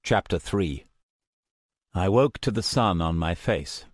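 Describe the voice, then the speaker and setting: Deep-voiced male audiobook narrator. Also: no echo, clean studio sound. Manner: measured, steady storytelling. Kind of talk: first-person audiobook narration.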